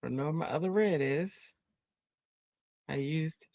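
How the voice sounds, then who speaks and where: A woman hosting a crafting stream, chatting casually and telling stories in an animated way while she works. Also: deep voice, normal speed, long pauses, no room sound, highs cut off. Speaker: crafting channel host.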